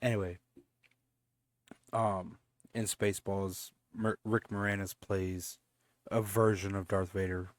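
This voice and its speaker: A man's voice: low-pitched, level tone, slow pace, pauses often, no echo. A laid-back man hosting a casual reaction video, often repeating himself and chuckling. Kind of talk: casual chat.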